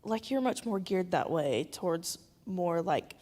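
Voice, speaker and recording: A young woman, a youth pastor talking in a church round-table discussion and telling stories with lively acted-out quotes. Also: on the low side, measured pace. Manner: animated storyteller, acts out quoted speech.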